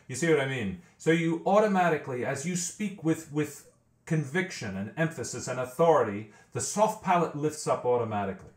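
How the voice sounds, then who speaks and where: A man's voice: medium pitch, expressive, a little fast, roomy sound. A man teaching a vocal training lesson, explaining step by step and often repeating words as he thinks. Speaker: vocal coach.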